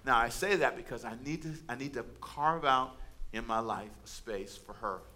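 A man's voice: mid-range voice, expressive, normal speed, bright, forceful tone. A man preaching a sermon as pastor, conversational and humorous, calling out to his congregation for responses.

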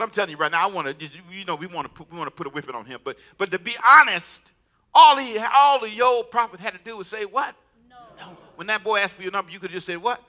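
Man, pastor, sermon, humorous, bright high voice. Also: fast talker. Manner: humorous, animated preaching with laughter.

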